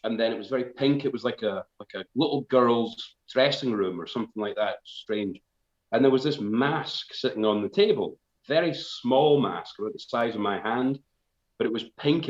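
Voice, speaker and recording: A folk band member on a live stream tells a rambling, self-mocking story at a moderate pace in a medium-pitched voice, pausing often to laugh at himself. The sound is roomy and a bit dull, as if captured in an echoing indoor space.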